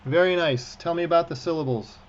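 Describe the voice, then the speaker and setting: A man's voice: fairly high pitch, fairly quick. A man teaching prayer-book Hebrew in an online class, encouraging his students and often restarting his sentences. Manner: encouraging, frequent fillers and restarts. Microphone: video call. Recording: muffled video-call audio with faint hiss.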